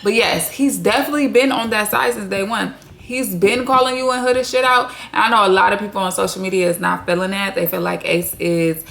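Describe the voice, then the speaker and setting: A woman's voice: medium pitch, steady tone, brisk, gravelly, hardly any pauses, fairly bright tone. A woman hosting her own video channel, giving a casual, blunt and profane reality TV recap full of slang. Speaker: YouTube recap host.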